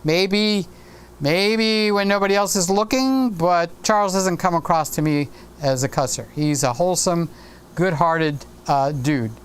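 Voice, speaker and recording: Chatty live stream host, smooth voice. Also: male voice, high voice, measured pace. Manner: chatty, reads viewer comments aloud, tells jokes. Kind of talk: casual live stream chat.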